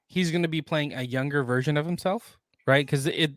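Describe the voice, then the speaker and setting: A man co-hosting a casual pop culture news podcast, reading out news items and then riffing on them in a relaxed way. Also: fairly high pitch, a little fast, dry recording, studio quality. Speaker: podcast co-host.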